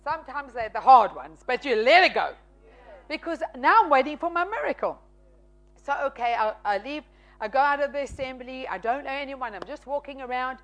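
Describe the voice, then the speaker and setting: A woman with a high, bright-sounding voice shares her faith testimony on a talk show. She tells it with lively energy, slipping into the voices of the people in her story. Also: brisk. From South Africa. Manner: lively, acts out quoted dialogue. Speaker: guest sharing testimony.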